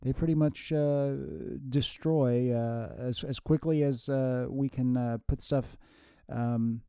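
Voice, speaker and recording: A man playing his own future self, a nearly hundred-year-old time traveler who speaks slowly and lectures like a professor, with many hesitations. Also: medium pitch, steady tone, dark tone, clean tone, no room sound, studio quality. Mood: grave. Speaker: host. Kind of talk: comedy sketch with himself.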